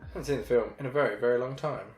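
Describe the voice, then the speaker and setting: A man's voice: medium pitch, very fast. A man giving jokey, casual commentary over a video game he is playing, swearing and putting on silly voices. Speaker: let's play commentator. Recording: roomy home recording with game music.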